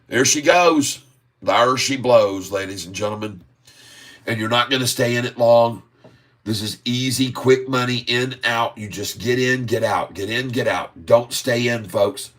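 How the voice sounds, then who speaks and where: A man hosting a live stock-market stream, excitedly calling price moves, drawing out sing-song chart calls and repeatedly addressing viewers as folks. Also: medium pitch, moderate pace. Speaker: stock market channel host.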